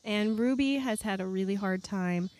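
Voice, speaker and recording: A woman from New York hosting a casual podcast chat, bubbly and quick to laugh, recorded on a back deck at night. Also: medium pitch, darkish tone. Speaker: podcast host.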